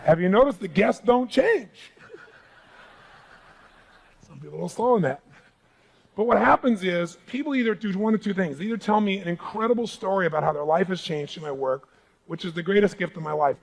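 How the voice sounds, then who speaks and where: A man with a high, gravelly voice delivers a motivational seminar speech on stage. He talks emphatically and keeps pulling the crowd in with call-and-response questions. His rough, grainy tone carries through every phrase. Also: brisk, long pauses, rough recording. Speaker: motivational speaker. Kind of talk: live seminar speech to an audience. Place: large seminar hall.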